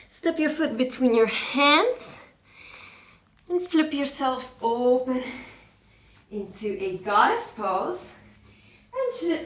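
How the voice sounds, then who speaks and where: A woman's voice: fairly high pitch, reverberant. A woman yoga instructor, out of breath as she cues a flow while doing it, encouraging throughout. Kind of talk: guided yoga class instruction.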